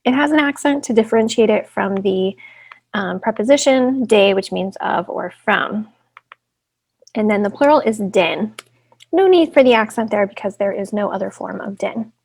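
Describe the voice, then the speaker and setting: A woman teaching a recorded classroom lesson, with a voice of mid pitch and plenty of vocal fry. She explains one step at a time and keeps checking in with her students. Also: animated, normal speed, a little mellow. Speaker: Spanish teacher.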